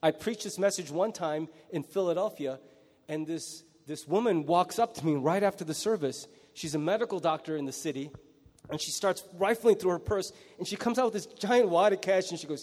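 A pastor preaching a sermon, animated and acting out the voices of kids and parents, then dropping low and quiet for grim images. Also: male voice, brisk. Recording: long hall reverb.

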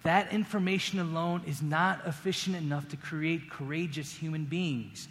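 A man preaching a sermon as pastor, earnest, rising to emphatic peaks and dropping to hushed appeals. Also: fairly high pitch, moderate pace. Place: church sanctuary. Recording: long hall reverb, faint room ambience.

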